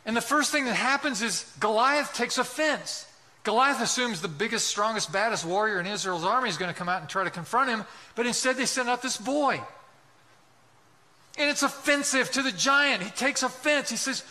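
A man's voice: extremely high pitch, expressive, normal speed, bright, forceful tone. A man preaching a sermon with passion, asking one rhetorical question after another and acting out voices from the story. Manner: impassioned, rhetorical questions, acts out quotes. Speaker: pastor.

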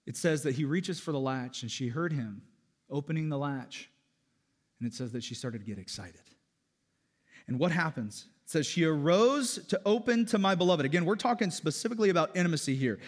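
Animated preacher in a reverberant hall. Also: male voice, a little high, fairly quick. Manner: animated, joking, rising to loud emphatic peaks. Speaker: pastor. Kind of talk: sermon.

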